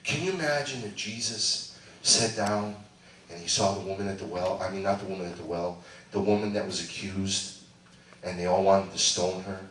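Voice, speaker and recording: A middle-aged male pastor preaching a sermon, swinging between loud animated bursts and hushed asides. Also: sits low, moderate pace, slight background noise. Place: church sanctuary. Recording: echoey church sound from a distant mic.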